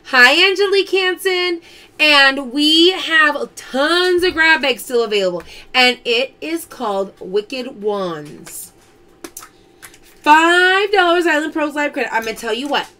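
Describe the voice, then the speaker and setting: A woman's voice: high-pitched, expressive, measured pace, pushed and bright. A woman hosting a live-streamed pearl sale, chatting casually, greeting viewers by name and reading out their comments. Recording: clear background noise.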